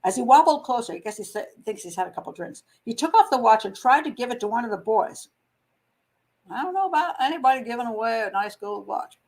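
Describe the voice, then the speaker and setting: A woman's voice: on the high side, expressive, fast talker, a little mellow, rough recording. A woman hosting a show reads a book aloud and breaks off with wry, chatty asides about the text. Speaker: host. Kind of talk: reading a book aloud with commentary.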